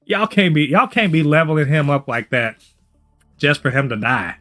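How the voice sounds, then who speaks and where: A man's voice: mid-range voice, normal speed, bright, forceful tone, soft background music. A man co-hosting a TV review podcast, chatting animatedly with lots of swearing and restarts. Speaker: podcast co-host. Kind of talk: casual review chat.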